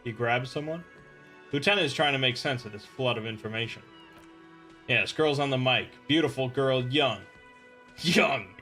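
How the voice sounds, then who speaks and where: A man hosting a let's play, reading game text aloud and switching into gruff shouted character lines. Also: medium pitch, normal speed, faint music behind.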